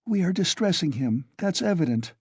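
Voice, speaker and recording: A man voicing an earnest, gentle young woman, the sister, in an audiobook reading. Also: on the high side, big pitch swings, normal speed, slightly rough, no echo, pitched above the performer's own voice, heavily acted. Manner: gentle, impetuous.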